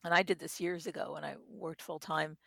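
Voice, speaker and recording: A middle-aged woman talks in a calm, reflective way, illustrating her points with stories from her own life. Her voice has a strong vocal fry. The recording is dry, with little room sound. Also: sits low, brisk, no room sound. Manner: gentle, explains with personal examples. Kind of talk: reflective interview talk.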